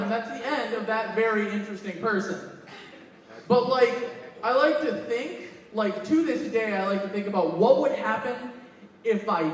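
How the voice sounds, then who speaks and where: A man doing stand-up comedy at a convention, telling crude stories and acting out the quoted lines. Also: sits high. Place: convention panel room. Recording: echoey hall, mic from far off.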